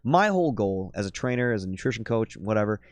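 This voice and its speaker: A man's voice: lowish voice, sing-song, fast talker, no echo. A man who works as a fitness and nutrition coach, talking bluntly in a casual podcast chat and swearing often. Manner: blunt, swears freely, slips into mocking voices.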